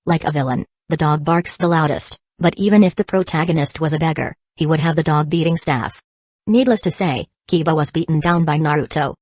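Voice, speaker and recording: A woman narrating a novel as an audiobook in an even, steady reading manner. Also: low voice, brisk, no room sound.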